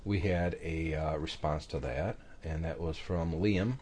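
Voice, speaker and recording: Low-voiced guy hosting a podcast, rambly and easygoing, lots of ums. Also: steady tone, unhurried, a little mellow, a little hiss or hum. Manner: easygoing, chatty, many fillers and restarts. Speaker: podcast host. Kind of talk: casual chat.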